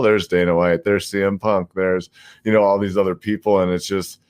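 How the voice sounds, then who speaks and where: A man's voice: sits low, fairly even intonation, fairly quick, darkish tone, no room sound. A man hosting a casual podcast chat, laid-back and rambling with lots of fillers. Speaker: podcast host.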